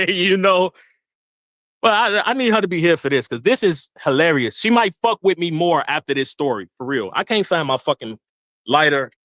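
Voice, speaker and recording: Man, young adult, livestream rant, bright, dry close mic. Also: a little high, moderate pace, no room sound. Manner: animated, laughing, swearing, repeats himself. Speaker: livestream host.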